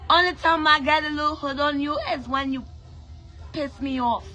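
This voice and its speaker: A high, sharp-toned woman's voice holds a fairly even intonation at a moderate pace. The vlogger, from Brooklyn with a Trinidadian-influenced accent, delivers a fiery, profane rant straight to camera, firing off rhetorical questions.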